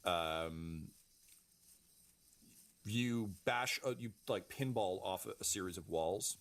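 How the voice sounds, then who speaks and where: A low-voiced man runs a tabletop role-playing session. His narration is loose and halting, packed with ums and uhs and the odd casual curse, as he describes the action to his players. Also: fairly bright tone. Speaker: game master.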